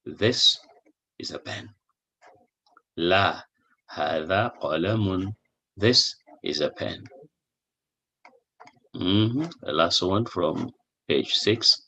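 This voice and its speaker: Slow, bright-voiced man teaching a lesson. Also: low-pitched, vocal fry, husky. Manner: patient, repeats each example slowly with translations; asks "hmm?" to check understanding. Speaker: Arabic teacher. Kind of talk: recorded language lesson.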